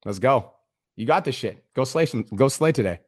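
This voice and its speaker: A man's voice: mid-range voice, expressive, moderate pace, no room sound, clean studio sound. Profane, fired-up male business coach. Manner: profane, pumped-up motivational talk with sudden loud outbursts. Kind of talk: group coaching call.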